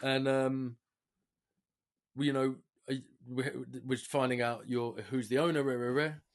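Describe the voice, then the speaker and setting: A young man with a London accent telling rowdy stories on a casual podcast, swearing freely and jumping between loud and quiet. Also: measured pace. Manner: animated, swearing, big jumps in pitch and loudness. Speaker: podcast co-host. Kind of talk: casual storytelling chat.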